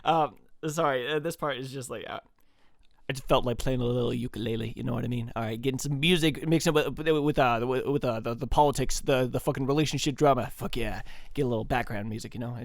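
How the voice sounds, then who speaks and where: A man's voice: mid-range voice, fast talker, vocal fry, no echo. Rambling, profane young man commenting. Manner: profane, rambling, hesitant with many fillers. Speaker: commentary streamer. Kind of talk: casual reaction commentary.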